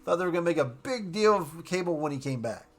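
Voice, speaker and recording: A man with a fairly high-pitched voice gives a loose, enthusiastic recap of a cartoon episode and shares his review. He keeps slipping in quick quotes from the characters.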